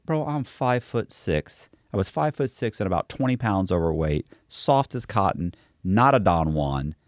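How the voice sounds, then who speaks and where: A man's voice: sits low, lively intonation, moderate pace, hardly any pauses, dry recording, studio quality. A man as an interview guest, telling his story in blunt, slangy casual chat, full of restarts and self-mockery.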